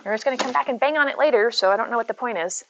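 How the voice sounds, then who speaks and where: A woman's voice: a little high, rapid-fire, creaky, lo-fi sound, slight background noise. A woman streaming from home, chatting casually, greeting viewers by name and talking to her cat. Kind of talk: casual live-stream chat. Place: at home near her bed.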